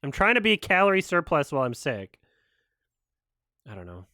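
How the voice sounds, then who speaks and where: A man's voice: a little high, wildly swooping pitch, normal speed, no echo, studio quality. A man chatting casually while streaming a watch-along, rambling and swearing, and saying he is sick. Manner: rambling, swearing, laughs loudly.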